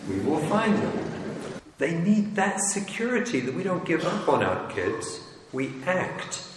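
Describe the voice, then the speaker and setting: Rabbi guy lecturing parents, slow and teasing, roomy echo with a little noise. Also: on the high side, sing-song. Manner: emphatic, wry and teasing. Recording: echoey hall with faint noise.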